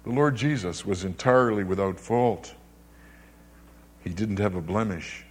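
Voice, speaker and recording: Preaching with a husky voice at a measured pace, this older man is emphatic, swinging widely in pitch and loudness and frequently repeating himself.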